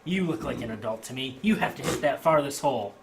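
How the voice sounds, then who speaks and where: A man voicing an eager male carnival game barker with pushy, excitable patter. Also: medium pitch, quick pace, close to an everyday voice. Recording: noisy home recording.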